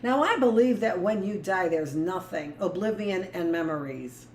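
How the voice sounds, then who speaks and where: A woman's voice: lowish voice, expressive, normal speed, darkish tone. Middle-aged woman teacher reading to her class, rambling blunt asides, echoey room, bit of hiss. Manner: rambling, blunt asides between read passages. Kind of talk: live book reading with commentary. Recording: echoey room with faint noise.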